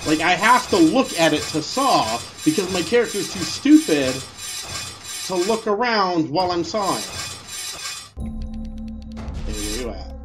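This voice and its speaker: A man doing let's play commentary who gets frustrated, swears and yells at the game. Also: high voice, big pitch swings, unhurried, pauses often. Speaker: gameplay commentator. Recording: game music behind the voice.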